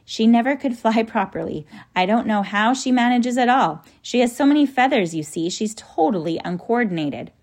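Woman doing a gentle old professor. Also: mid-range voice, normal speed, gravelly. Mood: kindly. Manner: gentle, coaxing, excitable. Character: kindly eccentric old male professor guide.

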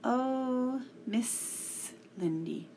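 A woman's voice: fairly high pitch, animated, extremely slow, dark tone, a little hiss or hum, heavily acted, low-quality recording. A woman voicing a weepy, overly emotional male cat musician in whispered role-play, pleading and sobbing.

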